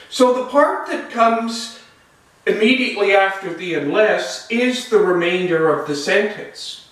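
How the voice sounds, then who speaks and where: A man teaching a logic lesson, talking through examples slowly and deliberately. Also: sits high. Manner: slow, deliberate, lively rising and falling intonation. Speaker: logic instructor. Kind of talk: recorded lecture. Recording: echoey room, voice far from mic.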